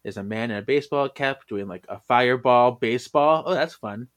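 A man's voice: medium pitch, fairly quick, fairly bright tone. A man co-hosting a podcast, giving a casual, rambling comic book recap and laughing often. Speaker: podcast co-host.

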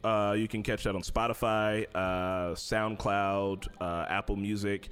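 A man's voice: lowish voice, little pitch movement, unhurried, fairly bright tone, clear, resonant tone. A young man, a podcast guest in casual interview chat, laid-back and jokey with many fillers.

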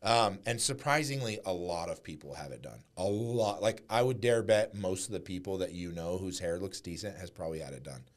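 A man's voice: low-pitched, brisk, few pauses. A young adult man telling brash, profane stories in casual podcast chat. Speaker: podcast guest.

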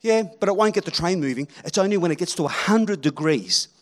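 A man preaching a sermon, animated and rallying the crowd, swinging between loud calls and hushed moments. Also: high-pitched, fairly quick.

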